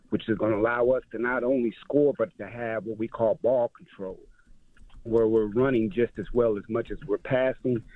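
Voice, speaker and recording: A man's voice: mid-range voice, dry recording. Enthusiastic male caller on a phone line. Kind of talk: call-in talk.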